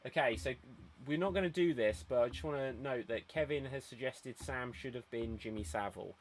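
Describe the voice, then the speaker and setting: A man hosting an online improv show over a video call, brisk and chatty, laughing often. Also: medium pitch.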